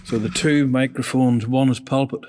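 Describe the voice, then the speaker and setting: A man's voice: medium pitch, fairly even intonation, moderate pace, a little mellow, slight background noise. A man working as an AV installer, talking through each step of tuning a sound system as he goes. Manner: methodical, explains each step as he works. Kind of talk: casual narrated work vlog. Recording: long hall reverb.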